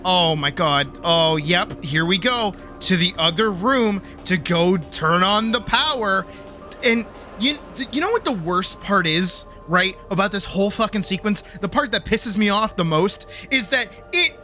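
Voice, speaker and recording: A man's voice: high-pitched, lively intonation, a little slow, sharp tone, soft background music. A young man streaming a video game, ranting in exasperation, swearing, and breaking into screams and laughter. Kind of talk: live gameplay commentary.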